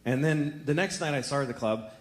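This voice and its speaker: A man's voice: mid-range voice, quick pace, a little hiss or hum. A man telling a story in a stand-up set, in a conversational way that builds to exasperation. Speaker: stand-up comedian.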